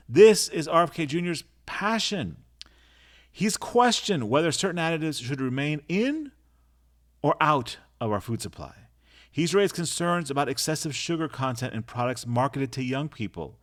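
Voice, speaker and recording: A man's voice: fairly high pitch, big pitch swings, moderate pace. A man delivering a political commentary monologue in an emphatic, rhetorical way, punching out lists of points.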